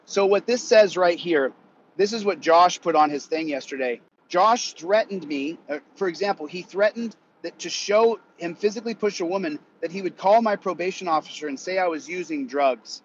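A man's voice: fairly high pitch, normal speed, dull audio, a little hiss or hum. A young man in a heated, profane rant to his vlog audience, repeating himself as he vents. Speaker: vlogger. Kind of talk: angry rant to camera.

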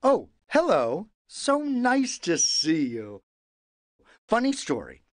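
A woman's voice: lowish voice, wildly swooping pitch, slow, dry recording, exaggerated voice. A woman voicing a pushy, whiny cartoon pigeon in a game, wheedling and bargaining with big dramatic outbursts. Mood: pleading. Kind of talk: animated game character voice.

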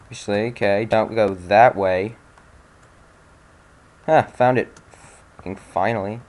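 Young male let's-play host, slightly low voice, sarcastic, swears a lot, frustrated outbursts, keyboard clicks behind. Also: steady tone, takes it slowly, a little mellow. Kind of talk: casual gameplay commentary.

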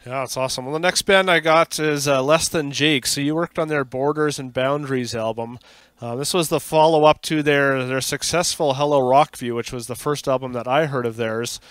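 Smooth-voiced man hosting, dry sound. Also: medium pitch, steady tone, moderate pace, no echo. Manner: soft-spoken, brief encouraging responses. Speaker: podcast host. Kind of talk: casual interview.

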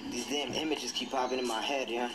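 A man playing a grim young man haunted by vivid nightmares, speaking in a quiet, clipped way in an amateur short film. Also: mid-range voice, steady tone, a little fast, natural voice. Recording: noisy outdoor audio with birdsong.

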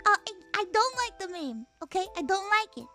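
Super high squeaky streamer girl, bouncing all over the place, teasing, music going in the background. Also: very animated, fairly quick, bright, forceful tone. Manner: shrill, playful and teasing, dramatic outbursts. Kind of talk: casual gaming stream chat.

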